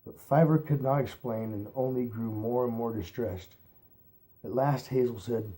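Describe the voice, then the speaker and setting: A man reading a novel aloud at an unhurried pace, correcting his slips as he goes. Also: medium pitch, dark tone. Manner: unhurried, re-reads stumbles aloud. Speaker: reader.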